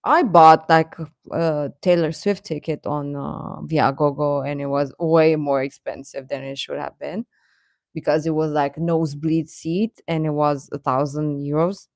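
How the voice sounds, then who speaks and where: Young woman hosting a fan livestream, slow-talking, laughs a lot, dry close mic. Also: low voice, steady tone, darkish tone, dry recording. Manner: chatty, laughing often, exasperated rants. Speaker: livestream host reading chat. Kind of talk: casual chat.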